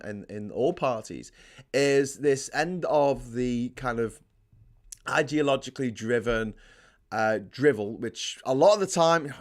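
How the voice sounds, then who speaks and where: Male stream host, casual news chat, sardonic and rambling, prone to ranting. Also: medium pitch. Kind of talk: casual live-stream commentary, reading out chat comments.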